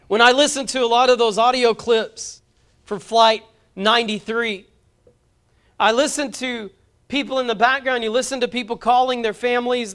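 High-voiced, impassioned male preacher. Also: a bit bright, smooth. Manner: earnest, impassioned preaching with direct appeals. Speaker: pastor. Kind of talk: sermon.

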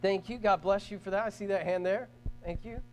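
A man's voice: high voice, fairly even intonation, fairly quick, a little mellow. A man preaching a sermon as pastor to a church congregation, earnest and emphatic, repeating phrases as he builds a point.

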